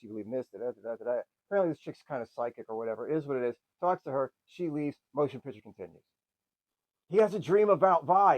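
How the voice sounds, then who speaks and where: A man's voice: mid-range voice, darkish tone, rough recording. A man casually recapping an old film's plot as a podcast host, acting out the characters' lines and swearing freely. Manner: repeats a stock phrase. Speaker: podcast host reviewing a film.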